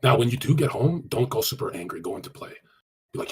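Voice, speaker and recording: His mid-range voice is husky and darkish, with a sing-song lilt. On a live stream he responds to chat with casual, crude, blunt dating advice and plenty of swearing, rattling along fast in run-on sentences loaded with fillers.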